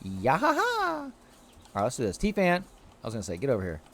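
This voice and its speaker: A man's voice: mid-range voice, huge pitch swings, fast. A man streaming a video game, chatting with his viewers and talking playfully to the creatures on screen. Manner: playful, apologetic asides. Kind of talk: casual livestream commentary.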